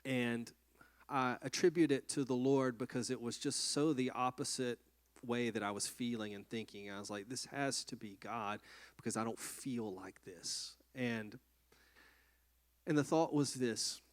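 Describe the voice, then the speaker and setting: A male pastor tells a personal story from the pulpit in an earnest, reflective voice. He speaks at a medium pitch, often pausing and restarting his sentences as he gathers his thoughts. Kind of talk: personal testimony sermon.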